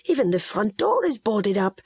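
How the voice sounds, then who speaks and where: A woman's voice: medium pitch, very animated, normal speed, a little mellow, breathy edge, dry recording, voice pushed up. A woman narrator voicing a practical young mother who speaks with urgent, worried questions.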